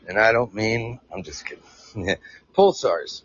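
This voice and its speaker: A man's voice: lowish voice, lively intonation, unhurried, fairly bright tone, husky, no echo, lo-fi sound. A man hosting a live podcast, explaining science casually, stumbling over words and joking with his chat. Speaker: podcast host. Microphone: new earphones mic.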